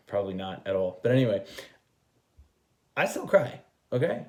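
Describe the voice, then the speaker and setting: A man's voice: fairly low pitch, quick pace. A young man giving a casual tarot reading, swearing freely, acting out quoted voices and ending points with a checking "okay?". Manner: profane, animated, acts out quoted voices. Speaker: tarot reader.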